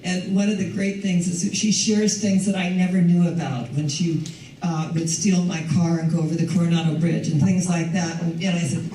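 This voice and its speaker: A woman's voice: fairly low pitch, moderate pace, mellow, slight background noise. An older woman minister giving a conversational sermon, laughing often, her voice a little strained after losing it recently. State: recovering from lost voice. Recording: echoey hall from far off.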